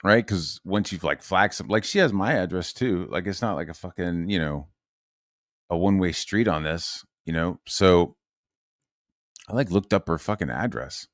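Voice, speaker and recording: Low-voiced man ranting, dry sound. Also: normal speed, no room sound. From Virginia, US. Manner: profane, agitated, many fillers and restarts. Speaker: channel host. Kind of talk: casual ranting monologue.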